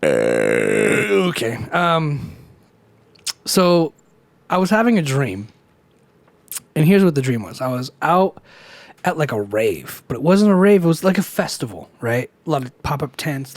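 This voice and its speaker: A young man with a slightly higher voice, chatting on a casual podcast. He rambles through a story, swears freely and acts out the people he quotes. The sound is close and dry. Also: lively intonation, moderate pace, dry recording. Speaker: podcast co-host. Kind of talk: casual chat.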